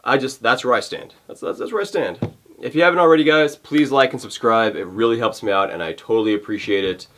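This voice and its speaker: A man's voice: mid-range voice, fast talker, fairly bright tone, slight background noise. A male vlogger ranting to camera, fired up and exasperated, often repeating himself. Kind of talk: heated rant to camera.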